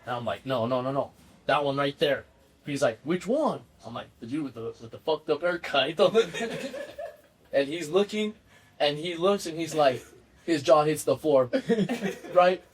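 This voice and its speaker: Husky guy spinning a story, loose and loud about it, laughs a lot and cusses. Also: a little high, measured pace. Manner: animated storyteller, acts out quotes, laughs often, swears casually. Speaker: family member of the football player, storyteller. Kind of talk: casual storytelling chat.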